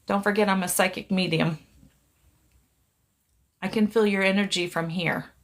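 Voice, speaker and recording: A middle-aged woman speaks softly and earnestly into her phone during a live stream, her voice gentle and pleading. She sounds reassuring and steady, at an everyday pitch, as she talks to someone we never hear. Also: normal speed. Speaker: psychic medium live-streaming. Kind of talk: live stream, one side of a conversation.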